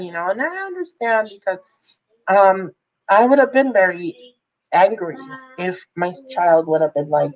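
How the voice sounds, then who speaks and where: A woman's voice: mid-range voice, lively intonation, measured pace, poor audio. A woman vlogger telling a personal story in a candid, rambling way, full of fillers and restarts.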